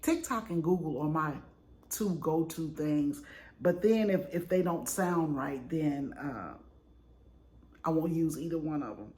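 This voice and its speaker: Middle-aged woman vlogger, animated chatty storyteller, lowish voice. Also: a little slow. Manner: animated, chatty, dramatic retelling. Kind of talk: casual storytelling.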